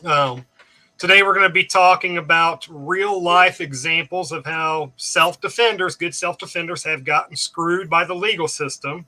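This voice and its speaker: A male livestream host welcomes viewers and introduces guests in a plain, direct way. His voice is high for a man, with a very bright, sharp tone. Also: moderate pace. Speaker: host of a live chat. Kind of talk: livestream hosting.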